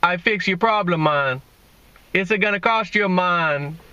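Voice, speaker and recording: A man's voice: high voice, measured pace, pushed and bright, clean tone, highs cut off. A man putting on the voice of a swaggering Jamaican-style hustler, drawling and teasing.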